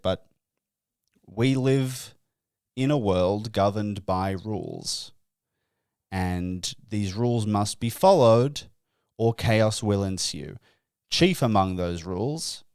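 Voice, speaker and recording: A man's voice: on the low side, darkish tone, clear, resonant tone, dry recording, clean studio sound. A man hosting a solo comedy podcast, mock-pompous and self-deprecating, breaking into chuckles. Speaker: podcast host.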